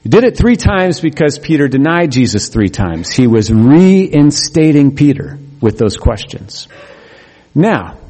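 A man preaching a sermon as a pastor, conversational and humorous, with quick asides. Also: mid-range voice, sing-song, dark tone. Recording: echoey hall with long reverb.

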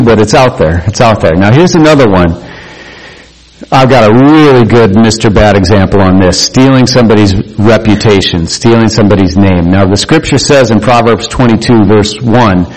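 A man's voice: lowish voice, rough recording. A man preaching to his congregation in an easygoing, conversational way. He tells stories and jokes and breaks into acted-out quotes. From Oregon. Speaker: pastor. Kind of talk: sermon.

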